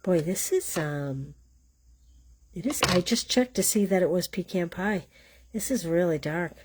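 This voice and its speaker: Over a noisy background, a Boston-accented woman hosts a live card-stamping demonstration, chatting and making fun of herself while covering each step. She talks a little slowly, with a fairly low pitch.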